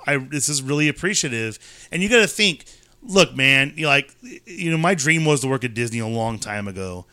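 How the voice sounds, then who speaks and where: A man in his thirties from California, co-hosting a casual chat and telling rambling stories with animated asides. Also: a little high, smooth, no room sound. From California, USA. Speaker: podcast co-host.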